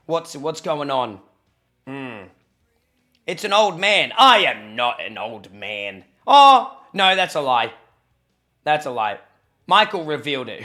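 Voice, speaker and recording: A young Australian man with a bright, forceful voice that sits a little high, talking casually to his stream chat. He jokes around and thanks people for subs, and he sounds a bit sniffly from hay fever. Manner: chatty, joking, reads chat aloud. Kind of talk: casual livestream chat with viewers.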